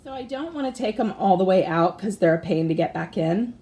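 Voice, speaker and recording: A hoarse woman in her forties with a raspy voice, chatting casually and apologetically as she gives a tour of her craft room. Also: medium pitch, animated, a little fast, mellow. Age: 40s. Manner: chatty and apologetic, with frequent fillers. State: hoarse from allergies. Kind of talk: casual home tour chat. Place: craft room and home office indoors.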